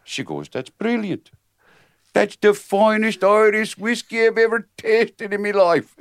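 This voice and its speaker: A man telling a long joke on a podcast in an animated storytelling manner. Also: high voice, a little slow, clean tone, dry recording, clean studio sound. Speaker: podcast guest, comic.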